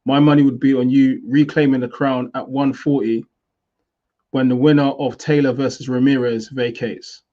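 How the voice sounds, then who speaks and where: A man hosting a casual chat show, upbeat and reading out fan questions and shout-outs. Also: medium pitch, flat delivery, moderate pace, lo-fi sound. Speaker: host.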